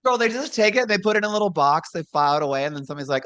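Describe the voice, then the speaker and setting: Rapid-fire and expressive, her voice is on the low side with a fairly bright tone. The former wrestler, a guest in a casual chat, tells candid stories, often laughing and acting out what was said.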